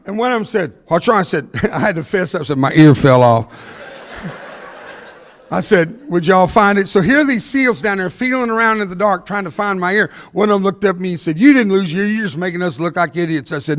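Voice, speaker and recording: An older man, giving a motivational speech that mixes jokes with storytelling and talks fast. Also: high voice, big-room sound. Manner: energetic, joking, fast-talking. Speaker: motivational speaker. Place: large hall before an audience.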